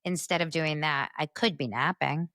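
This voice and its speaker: Woman podcast co-host, lower register, playful ribbing, dry booth sound. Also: moderate pace, fairly bright tone, dry recording. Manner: teasing, laughs often. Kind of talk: casual podcast chat.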